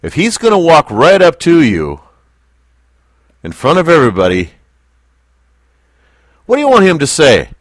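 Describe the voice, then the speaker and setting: A man teaching a Bible lesson to a small group, speaking slowly and deliberately and putting questions to his listeners. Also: fairly high pitch, huge pitch swings, no echo, clean studio sound. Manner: slow, deliberate, asks the class questions.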